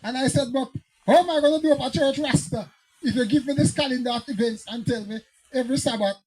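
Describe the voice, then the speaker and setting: A man's voice: very high voice, fast, a little mellow, breathy edge, low-quality recording. Fiery Jamaican preacher man. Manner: storytelling, rising to fiery emphatic preaching. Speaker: pastor. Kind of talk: preaching Bible teaching.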